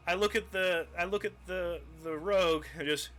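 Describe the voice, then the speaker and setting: A young man streaming live, casually telling a tabletop game story, animated and profane, acting out scenes as he goes. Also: on the high side, brisk. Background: faint music.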